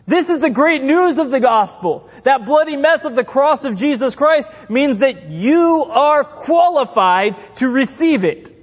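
A middle-aged man preaching a sermon as a pastor, impassioned and animated, acting out quotes from the people in his stories. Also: very high voice, big-room sound.

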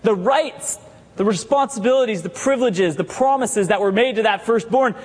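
High-pitched male pastor, humorous sermon style with rising shouts, recorded in a reverberant sanctuary. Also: moderate pace, breathy edge. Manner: joking, teases congregation members by name; builds to emphatic shouted declarations. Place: church sanctuary with congregation. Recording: long hall reverb.

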